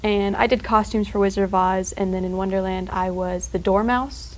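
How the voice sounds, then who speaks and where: A teenage girl chats as a guest on a student talk show. She rambles loosely, stringing her thoughts together with fillers and quick laughs, in a voice at an ordinary middle pitch. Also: fairly even intonation, poor audio. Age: teens. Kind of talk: casual chat.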